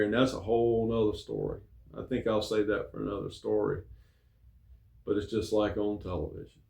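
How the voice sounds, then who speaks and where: Man, middle-aged, folksy storyteller, rambling, gravelly, echoey room. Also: fairly low pitch, darkish tone. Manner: rambling, folksy, with many fillers. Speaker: storyteller and show host. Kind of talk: casual spoken storytelling.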